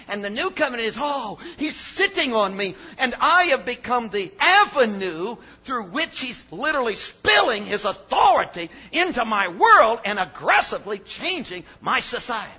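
An older man delivers a sermon in a high, lively voice that climbs and falls. He mutters some phrases low and shouts others for emphasis. The recording sounds dull and lo-fi. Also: normal speed, hardly any pauses, slightly rough. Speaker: preacher.

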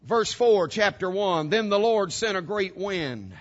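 High-voiced emphatic male preacher. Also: lively intonation, a little slow, muffled recording. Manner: emphatic, addresses congregation directly with rhetorical questions. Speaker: pastor. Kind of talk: sermon.

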